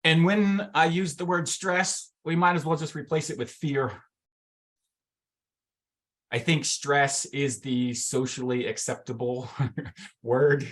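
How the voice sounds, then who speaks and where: A man's voice: on the high side, steady tone, takes it slowly, long pauses. A man coaching a group on a video call, talking casually with lots of fillers and acting out inner voices. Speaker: mental fitness coach. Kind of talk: teaching a workshop session on a video call.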